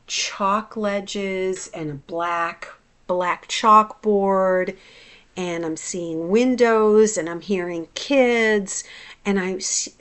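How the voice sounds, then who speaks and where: Slow, reflective woman sharing a personal story. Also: medium pitch, a bit bright. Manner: slow and reflective, confessional, with many restarts. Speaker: hypnotherapist. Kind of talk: casual personal vlog.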